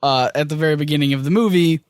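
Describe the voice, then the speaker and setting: A man's voice: fairly high pitch, quick pace, smooth, no echo, studio quality. A man co-hosting a casual podcast chat, telling stories with lots of fillers. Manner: rambling storyteller, many fillers. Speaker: podcast co-host.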